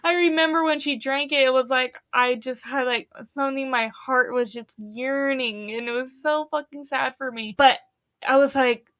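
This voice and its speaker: High-voiced woman, dramatic and sweary. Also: steady tone, normal speed, fairly bright tone, no room sound, clean studio sound. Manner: dramatic, swears freely, acts out quotes. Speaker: podcast co-host. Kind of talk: casual chat.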